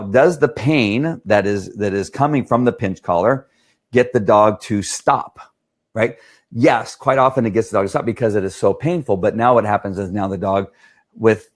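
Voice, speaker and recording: A man, a dog trainer explaining things in a casual, rambling way and often asking "right?". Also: mid-range voice.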